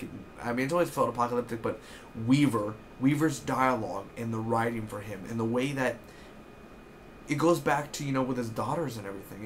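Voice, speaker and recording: A young man giving an excitable, rambling casual review of a TV episode, with lots of fillers. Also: mid-range voice, a little hiss or hum.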